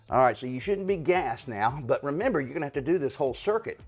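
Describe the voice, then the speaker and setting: Man, 50s, easygoing workout coach, mid-pitch, slightly breathless, soft music bed. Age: over 50. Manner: casual, keeps saying "all right?". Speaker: fitness coach. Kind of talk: home workout instruction.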